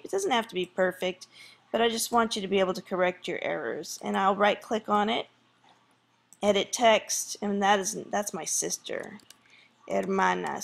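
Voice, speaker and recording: A woman's voice: mid-range voice, gravelly. A woman teacher walking through a screen tutorial in a casual way, thinking aloud with fillers.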